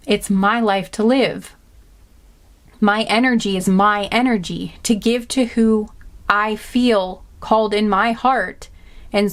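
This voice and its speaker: A woman giving a spiritual pick-a-card reading, talking with passion and emphasis, repeating phrases with many fillers. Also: medium pitch. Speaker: tarot card reader.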